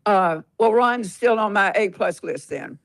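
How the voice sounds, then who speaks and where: A woman calling in to a live political audio chat, rambling and earnest with many pauses. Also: mid-range voice, lively intonation. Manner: rambling, earnest, halting with fillers. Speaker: caller. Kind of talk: call-in comment on a live audio room.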